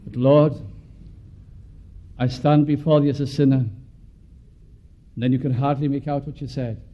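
A man from Wales preaching a sermon earnestly, swelling from quiet musings to fervent prayer. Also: medium pitch, little pitch movement, moderate pace. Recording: dull lo-fi recording.

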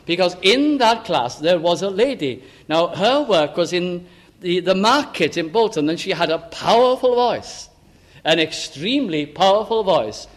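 An older man preaching a sermon into a microphone, fervent, rising to emphatic exclamations and dropping to soft asides. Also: high-pitched, big pitch swings, unhurried. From Lancashire, England. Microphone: amplified microphone.

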